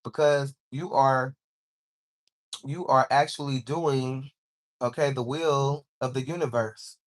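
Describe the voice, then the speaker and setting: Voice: mid-range voice, steady tone, slow. Card reader peppering her talk with "okay?". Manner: encouraging, repeats "okay?" often; informal speech, calls on angels. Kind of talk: live intuitive card reading.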